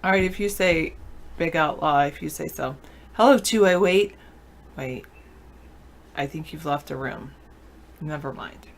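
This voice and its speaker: A woman co-hosting a live online show reads chat, chatting casually and answering viewer questions aloud. Her voice is low-pitched and unhurried, with frequent pauses.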